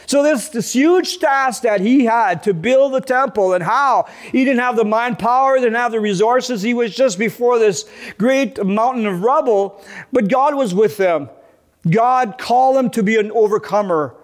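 A man's voice: very high-pitched, unhurried. A middle-aged male pastor preaching an earnest sermon, often repeating and restarting his words.

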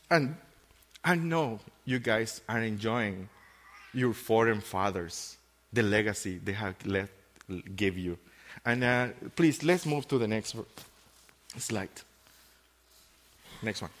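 Earnest preaching man with halting restarts. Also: lowish voice, a bit bright, in a large hall. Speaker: pastor. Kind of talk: sermon.

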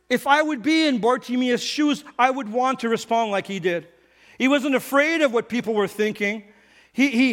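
Middle-aged man, pastor, chatty sermon delivery, tenor-high voice, recorded with echoing hall reverb. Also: a bit bright. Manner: conversational preaching with frequent restarts and tag questions.

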